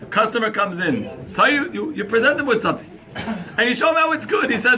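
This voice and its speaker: Animated rabbi telling parenting stories. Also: male voice, extremely high pitch, fast talker. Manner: animated storyteller, acts out dialogue, asks the crowd questions. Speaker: rabbi giving a talk on parenting. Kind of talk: lively sermon to an audience.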